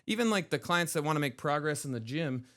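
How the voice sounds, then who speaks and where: A man's voice: a little high, lively intonation, fast talker, fairly bright tone. A man hosting a podcast, asking questions in a laid-back way with lots of fillers. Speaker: podcast host. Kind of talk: casual interview chat.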